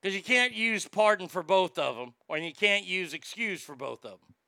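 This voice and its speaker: Streaming casually, a man mocks etiquette tips in a crude, sarcastic, profane way, animated and prone to sudden loud shouts. His voice is high and gravelly at a moderate pace, recorded with studio quality and no echo.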